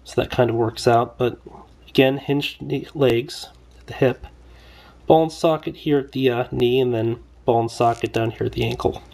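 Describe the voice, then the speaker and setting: A man with a gravelly, fry-tinged voice talks through a toy review in an easy, meandering way. He pitches at an ordinary middle height and keeps stopping for fillers and asides, with a wry, mildly complaining edge. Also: fairly even intonation, normal speed, a little mellow. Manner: rambling, loose, lots of fillers. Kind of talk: casual toy review vlog.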